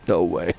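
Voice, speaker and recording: A man's voice: a little mellow, a little hiss or hum. A man casually rambling and swearing as he talks through game lore over his gameplay. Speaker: gaming channel host.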